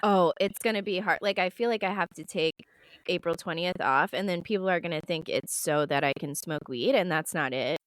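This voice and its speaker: A woman's voice: lowish voice, fairly quick, no echo. A young woman co-hosting a casual podcast, telling stories and laughing often. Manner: laughs often, animated storytelling. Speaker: podcast co-host. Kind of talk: casual chat.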